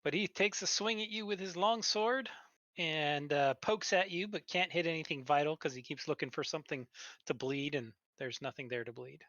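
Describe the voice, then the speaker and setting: A man narrating a tabletop game as game master in a relaxed, chuckling way over a voice call. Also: fairly high pitch, moderate pace, no echo, muffled recording.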